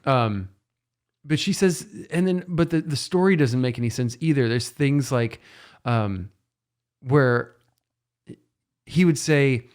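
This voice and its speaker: A man in his thirties on a podcast, talking in a lively, laughing way with lots of false starts. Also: a little high, a little slow. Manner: animated, laughing, lots of restarts. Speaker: podcast guest. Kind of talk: casual podcast chat.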